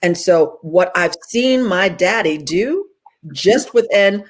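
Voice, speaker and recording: Woman, husky voice, fervent, preacher-like, repeats lines for emphasis, video call. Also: on the low side, animated, takes it slowly. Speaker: guest author and speaker. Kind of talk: inspirational testimony.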